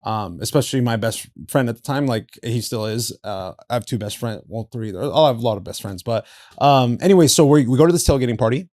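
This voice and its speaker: A man hosting a podcast, telling a story animatedly, acting out quotes with big jumps in pitch and laughing through it. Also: brisk, darkish tone, dry recording, studio quality. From Southern California. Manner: laughs through his stories, says "bro". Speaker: podcast host. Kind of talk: casual storytelling.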